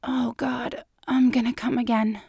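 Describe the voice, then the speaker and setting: Mulder, a soft-spoken amazed lover, read by a woman. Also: very high-pitched, flat delivery, measured pace, gravelly, slightly rough, dry recording, clean studio sound, pitched above the performer's own voice, full character voice. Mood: intimate. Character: adult man, playful and amazed lover.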